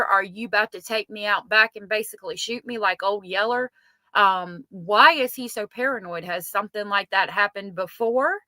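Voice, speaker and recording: A woman hosts a true crime livestream in a casual, chatty way and reads out viewer comments as she goes. Her voice is bright and forward. The sound is dry and close. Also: mid-range voice, no room sound.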